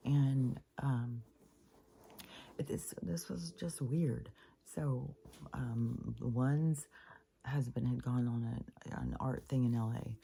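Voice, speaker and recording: A woman's voice: a bass voice, fairly even intonation, takes it slowly, creaky, mellow, husky. An older woman venting in a rambling personal monologue for her spiritual vlog, swearing freely as she talks. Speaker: spiritual vlogger.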